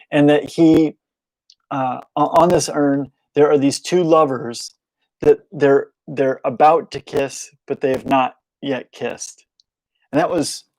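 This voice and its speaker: A young man hosts a loose, unscripted podcast at home in a casual monologue, in a room lit by a clamp light. His medium-pitched voice is a little mellow, and he rambles, corrects himself as he goes, and chuckles often. There's no room sound, but the recording is rough.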